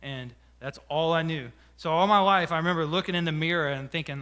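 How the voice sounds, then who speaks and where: A man's voice: a little high, a little fast, pushed and bright, clear, resonant tone. A man, a pastor preaching a sermon and telling a personal story with emotion and frequent restarts. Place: church sanctuary.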